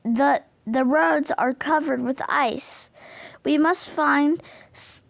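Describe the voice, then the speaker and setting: A woman reading as a gentle girl rag doll. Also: high voice, slow, vocal fry, full character voice. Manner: plain storybook reading.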